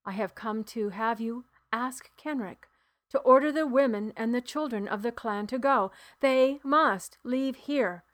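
A woman reading the lines of a dead husband's spirit in an audiobook, in a soft, consoling way. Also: a little high, close to an everyday voice. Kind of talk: audiobook narration.

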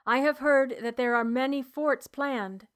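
A woman's voice: high-pitched, a little slow, clean tone. A woman voicing a weary male tribal healer who speaks in an earnest, grave manner in an audiobook reading. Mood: earnest, urgent.

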